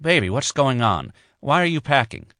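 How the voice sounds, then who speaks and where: A man voicing a worried, protective older father who speaks in an anxious, halting way. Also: mid-range voice, sing-song, a bit bright, no room sound, clean studio sound, pitched above the performer's own voice.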